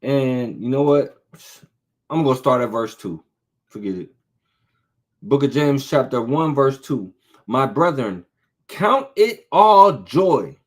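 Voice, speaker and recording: In a mid-range voice, a man delivers an informal sermon in a conversational way. He repeats phrases for emphasis and poses rhetorical questions.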